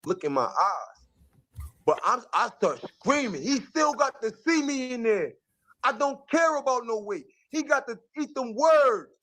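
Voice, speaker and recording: High-voiced boxer talking trash. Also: male voice, sing-song, measured pace, fairly bright tone. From North Philadelphia. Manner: heated, boastful, streetwise slang. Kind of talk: fight-week trash talk interview.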